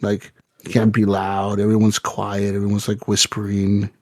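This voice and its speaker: A man's voice: lowish voice, monotone, moderate pace, darkish tone, no room sound, clean studio sound. A man co-hosting a casual podcast, telling a long rambling story full of swearing. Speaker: podcast co-host. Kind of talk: casual chat.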